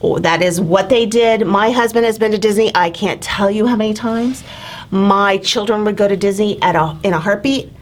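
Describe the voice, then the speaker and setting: A woman with a New Jersey accent co-hosting a podcast, telling stories in a casual, animated way and laughing often. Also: medium pitch, normal speed. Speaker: podcast co-host. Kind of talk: casual chat.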